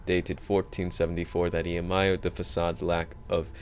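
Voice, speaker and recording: A man reading game lore aloud in a put-on mock Italian accent, halting and stumbling over names. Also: sits low, completely flat delivery, slight background noise, lightly acted. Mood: mock-grand.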